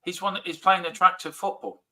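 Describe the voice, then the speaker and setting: A man chatting as a football fan on a live watchalong, excitable and cheering the play aloud. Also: high-pitched, a little fast, poor audio. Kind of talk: casual watchalong banter.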